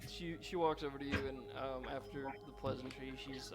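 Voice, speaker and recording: A man narrating as game master in a tabletop game, relaxed and rambling, with lots of fillers. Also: medium pitch, brisk. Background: background music.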